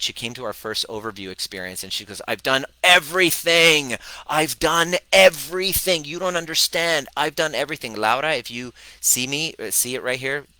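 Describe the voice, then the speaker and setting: A man's voice: fairly low pitch, no room sound, rough recording. A middle-aged man hosting a coaching live stream, talking straight to viewers with lots of energy, acting out people's voices and restarting his sentences. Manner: energetic, acts out clients' voices, many restarts.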